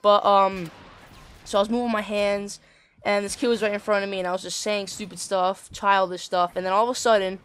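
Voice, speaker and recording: A man's voice: high-pitched, little pitch movement, brisk, fairly bright tone, smooth. A teenage boy casually telling a story over gameplay, rambling with lots of fillers and casual swearing. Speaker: gaming channel host.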